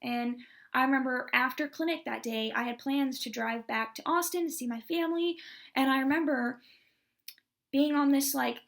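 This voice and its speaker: A woman's voice: high-pitched, moderate pace, vocal fry, fairly bright tone. A young woman in her twenties telling a candid personal story on her vlog, rambling and saying "like" a lot. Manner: candid, rambling, heavy use of "like". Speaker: vlogger.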